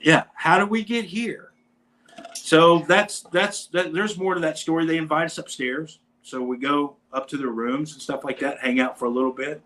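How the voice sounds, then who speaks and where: A musician on a talk show, a man with a somewhat high voice at a moderate pace, relates a casual anecdote. He tells it with animation, acting out the quoted lines.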